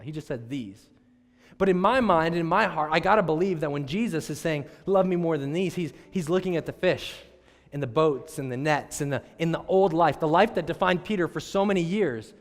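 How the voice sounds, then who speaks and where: A man preaching a sermon as pastor, moving between loud and hushed delivery and acting out dialogue between characters. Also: fairly high pitch, brisk. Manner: dynamic, swings from loud to hushed. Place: church sanctuary. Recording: long church hall reverb.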